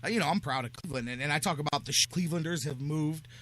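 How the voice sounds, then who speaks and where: Male sports radio host, chatty and joking, bright forceful voice. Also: a little high. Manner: chatty, joking, quick asides. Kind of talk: casual sports talk radio.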